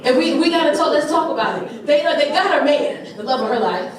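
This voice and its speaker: A woman's voice: sits high, animated, a little fast, a crowd in the background. A woman in her forties doing a stand-up set, brash and profane as she tells stories. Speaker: stand-up comedian. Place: comedy club stage. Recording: echoey room, distant mic, audience. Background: audience laughter.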